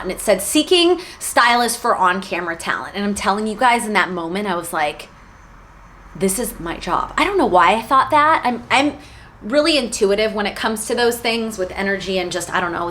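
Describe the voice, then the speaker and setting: A young woman vlogger telling a personal story to camera in a casual, excitable way, acting out what others said. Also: mid-range voice, slight background noise. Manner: excitable, animated retelling with quoted voices.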